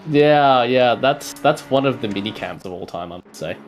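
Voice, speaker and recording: A man's voice: fairly low pitch, expressive, brisk, soft background music. A man commentating on a live sim race in casual, joking banter.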